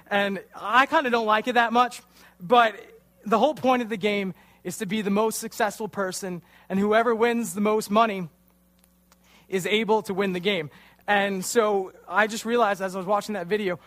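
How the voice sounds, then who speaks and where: Chatty high-voiced young man preaching. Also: a bit bright. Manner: chatty and self-deprecating, acts out quotes. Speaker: youth pastor. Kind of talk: casual youth sermon with storytelling. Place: church youth room.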